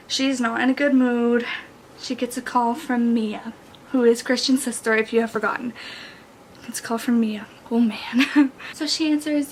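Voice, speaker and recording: A young woman excitedly recapping a plot in a casual vlog, saying "like" a lot. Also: sits high, moderate pace, a little hiss or hum. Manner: excitable, heavy use of "like". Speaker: book and movie reviewer.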